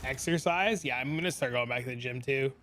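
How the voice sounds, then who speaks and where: A man's voice: mid-range voice, fairly quick, fairly bright tone, a little hiss or hum. A man streaming a game from a home room with a green screen, talking casually and rambling, swearing freely as he answers chat.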